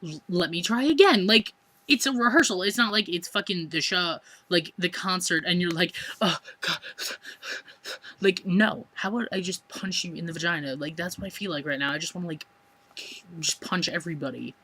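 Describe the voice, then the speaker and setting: A man's voice: sits high, brisk, sharp tone. A teenage man ranting exasperatedly in a vlog, swearing and saying "like" constantly. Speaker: vlogger.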